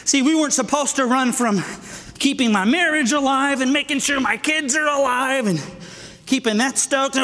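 A middle-aged man preaching a sermon to men, energetic and out of breath, calling for amens. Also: very high voice, normal speed, soft background music. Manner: energetic, calls for amens, asks "right?". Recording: echoey hall with long reverb.

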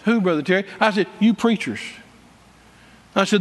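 A man preaches a story with a high, bright voice, folksy and dramatic, stumbling over repeated words and shouting out the lines he quotes. His voice rings through a large hall with long reverb. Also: fairly quick. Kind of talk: storytelling sermon.

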